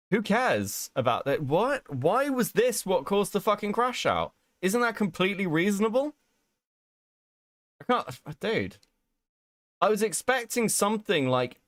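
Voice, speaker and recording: Sweary man ranting, lively pitch. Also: no room sound, clean studio sound. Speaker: podcast host. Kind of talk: casual drama commentary.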